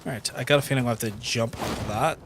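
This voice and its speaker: A man's voice: mid-range voice, fairly even intonation, rapid-fire, background noise. A young man commentating his own gameplay live, sweary and blunt, ranting between fights. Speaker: gaming streamer. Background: game music.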